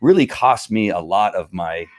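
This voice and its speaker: A man's voice: on the low side, lively intonation, normal speed. A middle-aged man, a former police officer, hosting his own show and talking casually in a frustrated, emphatic rant. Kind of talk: casual livestream commentary.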